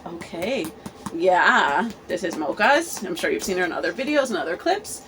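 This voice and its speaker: A woman in her forties hosting a candid personal vlog, talking earnestly and haltingly with many fillers and restarts. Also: on the low side, lively intonation, a bit bright, a little hiss or hum, rough recording. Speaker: host.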